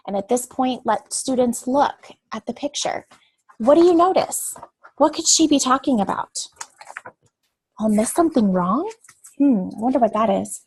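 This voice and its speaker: Woman educator, recorded lecture, explanatory, earnest, high voice, dry close sound. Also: darkish tone, breathy edge, no room sound. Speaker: teacher educator. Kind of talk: recorded lecture and modeled read-aloud.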